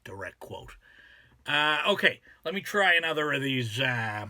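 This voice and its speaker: A man doing a brash Boston loudmouth. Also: medium pitch, sing-song, a little slow, no echo, heavily acted. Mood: chatty. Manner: rambling, filler-heavy, chummy. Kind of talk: comic character recap of a lesson.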